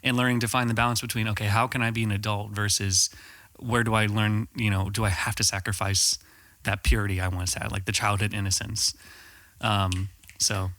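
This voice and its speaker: A man's voice: fairly low pitch, little pitch movement, fairly quick, fairly bright tone, no room sound. A man on a podcast as a filmmaker guest, chatty and storytelling, full of "like" and "um". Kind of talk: casual podcast chat.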